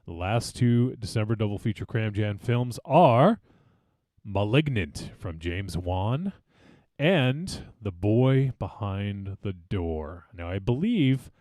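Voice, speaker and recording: Lively-voiced podcast host man. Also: lowish voice, takes it slowly, no echo, studio quality. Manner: animated, swearing, laughs often. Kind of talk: casual banter.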